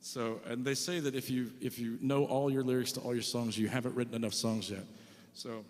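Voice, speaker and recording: A man in his late forties, storytelling between songs at a church concert. His pitch sits mid-range, and he talks in a loose, jokey way with asides to the crowd. The sound carries a long hall reverb. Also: steady tone, a little fast, darkish tone. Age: 40s. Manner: chatty, self-mocking, jokey asides to the crowd. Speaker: visiting musician. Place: church hall with live audience.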